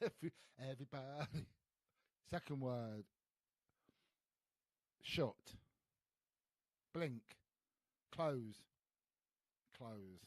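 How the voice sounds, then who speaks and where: A man's voice: mid-range voice, lively intonation, very slow, long pauses, a little mellow, dry recording, clean studio sound. A man hosting a podcast, guessing words in a party game, laughing and thinking aloud. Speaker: podcast host. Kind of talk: playing a guessing game with guests.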